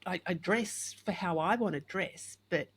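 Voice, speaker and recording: Woman podcast host: lively, husky, lowish voice, acts out quotes. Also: a little slow. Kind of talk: casual chat with storytelling.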